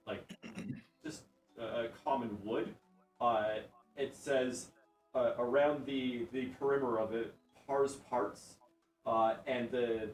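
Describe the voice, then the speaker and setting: A man describing his character's moves in a tabletop game, stopping and restarting as he goes. His voice is of middle pitch. He sits back from the mic in a roomy space, with quiet music playing. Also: recorded from a distance. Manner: hesitant, animated, many fillers. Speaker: player.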